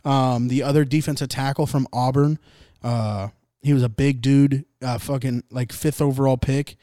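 A young podcast host rambles, jokes and swears while reacting to games on a laid-back sports show. His mid-range voice is warm, fairly even in intonation and at normal speed, recorded dry at studio quality.

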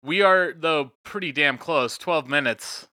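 A man co-hosting a podcast in loose, jokey banter, laughing between lines. His voice is very bright and smooth, a bit higher than most men's. It sounds close and dry on a podcast mic. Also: a little slow, no echo. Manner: laughs often, jokey and playful. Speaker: podcast co-host. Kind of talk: casual comedic chat. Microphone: studio podcast mic.

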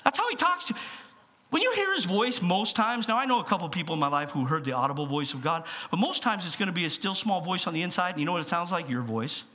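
A man preaching as pastor in a church, telling stories with animated swings between hushed asides and loud bursts. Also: high-pitched, fast talker. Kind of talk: sermon.

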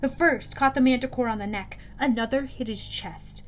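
Audiobook read by a woman with a high voice, steady and plain. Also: normal speed. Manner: steady storytelling with small self-corrections. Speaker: audiobook narrator. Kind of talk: audiobook narration.

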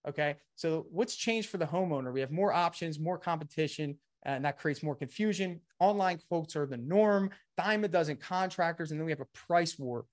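A man's voice: fairly high pitch, moderate pace, hardly any pauses. A man giving a live webinar sales presentation, talking energetically and a bit winded, often saying "okay" and "guys".

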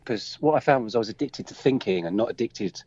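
A man from Kent with a Kent accent, a guest in a casual interview, talking in a relaxed, rambling way with frequent ums. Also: mid-range voice, brisk, no room sound, highs cut off. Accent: Kent, England. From England.

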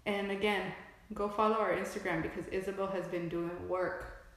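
A woman's voice: medium pitch, fairly even intonation, normal speed, a bit bright, a little hiss or hum. Young woman podcast cohost, chatty, laughs a lot, super echoey room. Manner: chatty, laughs often, lots of "like" fillers. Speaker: podcast co-host. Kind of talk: casual chat recapping a TV show.

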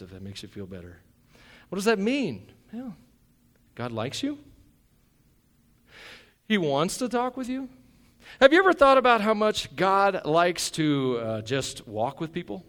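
Animated male preacher with lively pitch. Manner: animated preaching, swings from shouting to hushed. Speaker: pastor. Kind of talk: sermon.

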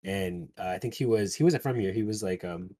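A man's voice: on the low side, brisk, vocal fry, slightly rough. A man chatting casually, telling a rambling, profane story and acting out the people in it. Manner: rambling, profane, animated retelling with quoted voices.

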